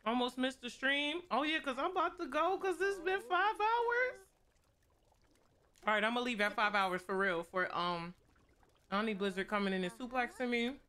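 A young woman riffing through a long gameplay stream, chatting to her viewers in loose, slangy banter. Her voice sits a little high and rings bright and forward. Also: animated. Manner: playful, slangy, quick jokes to chat. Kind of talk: casual gameplay commentary.

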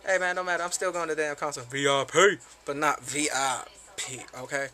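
A young adult vlogger ranting casually, animated and exaggerated, full of exclamations. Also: mid-range voice, fairly quick.

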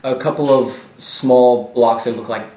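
A man as game master, narrating a tabletop game calmly, with fillers. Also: medium pitch, a little slow, slight background noise. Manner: calm descriptive narration with fillers. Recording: echoey room, mic at a distance.

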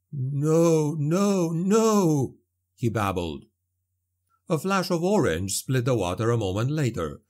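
A man reading a dark fantasy story aloud as an audiobook narrator, measured and vivid. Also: mid-range voice.

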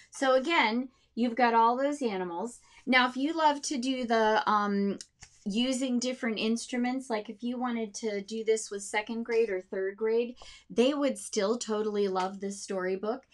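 A woman music teacher explaining how to teach music with storybooks, demonstrating sounds and voices for her students. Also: on the high side.

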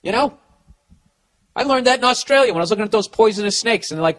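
A man's voice: sits high, animated, quick pace, pauses often, a bit bright. A middle-aged man with a Boston accent hosting a podcast, giving comedic advice in a profane, ranting way with stammering restarts. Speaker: podcast host.

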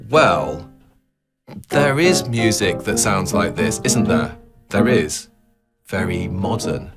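A man with a somewhat low voice talks through ideas about music like a teacher addressing a camera. His delivery is conversational and thoughtful, with frequent restarts and questions put to the listener. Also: animated, takes it slowly, long pauses. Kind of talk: explanatory talk to camera.

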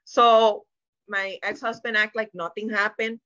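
Bright-voiced woman telling her story earnestly. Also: fairly low pitch, a little slow, muffled recording. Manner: earnest, emotional storytelling, acting out quoted dialogue. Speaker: interview guest. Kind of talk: candid sit-down podcast conversation.

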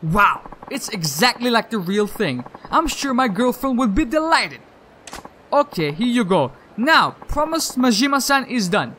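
A man's voice: very high-pitched, big pitch swings, unhurried, bright, forceful tone, a little hiss or hum, full character voice. A man voicing a stammering guilty boyfriend. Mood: grateful. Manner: hesitant, stammering. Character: shy young man, nervous guilty boyfriend.

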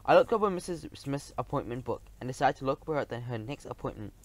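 A man narrating a children's storybook audiobook in a lively, expressive way. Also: medium pitch, quick pace.

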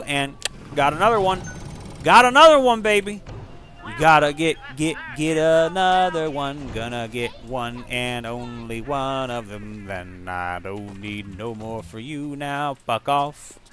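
A man giving profane, excitable live commentary while playing a video game and yelling at what happens on screen. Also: mid-range voice, a little hiss or hum. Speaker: gaming streamer.

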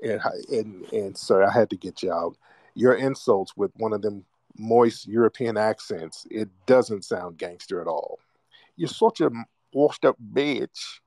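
A man's voice: lowish voice, a little slow, darkish tone, no echo. An American man hosting a call-in radio show, mocking and trash-talking his callers. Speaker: radio host.

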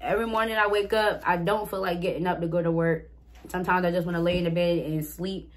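A woman's voice: fairly low pitch, steady tone, fast talker. A young woman vlogger casually answering get-to-know-me questions, chatting straight to her viewers. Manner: reads out each question, then answers it.

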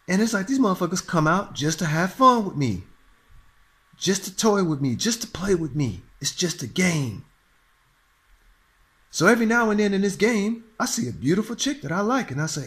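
A man in his thirties from Los Angeles tells a story in a fired-up, profane vlog rant. His voice sits high and swings widely as he acts out each person in the scene. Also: sing-song, normal speed, a bit bright. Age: 30s. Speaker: vlogger.

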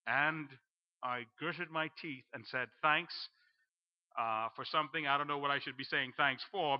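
A man preaching a storytelling sermon in church, acting out his own panic and dropping to a low hush for the voice of God. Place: church sanctuary. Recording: dull lo-fi live stream.

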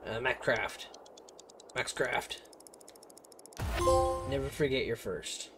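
A man's voice: medium pitch, slow pace, pauses often, noisy background. A male streamer giving casual, joking live commentary while he plays a game, rambling and poking fun at himself. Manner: joking, rambling, self-mocking.

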